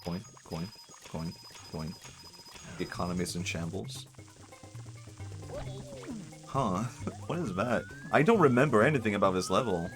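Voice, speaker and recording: A man with a low voice chats casually while he plays, rambling and joking as he thinks out loud. Game music plays clearly underneath his talk. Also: animated, normal speed, pauses often. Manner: rambling, jokey, thinks aloud. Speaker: streamer. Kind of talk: casual gameplay commentary.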